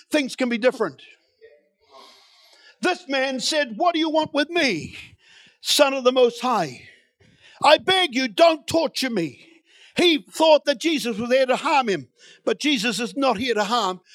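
A man's voice: very high-pitched, dry recording. A man preaching a sermon in a church, reading scripture and building to emphatic, repeated declarations.

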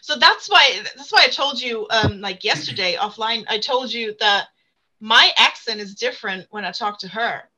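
A woman's voice: on the high side, animated, normal speed, bright, forceful tone, poor audio. A woman chatting as a podcast guest, bubbly and self-mocking, laughing often. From non-native speaker living in England. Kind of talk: casual chat.

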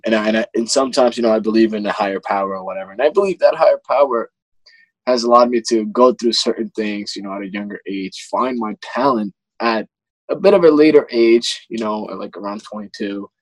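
A young man in his twenties, a guest actor in a casual interview, talking earnestly with halting restarts. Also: medium pitch, dry recording, rough recording. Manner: earnest, halting, many restarts and "you know".

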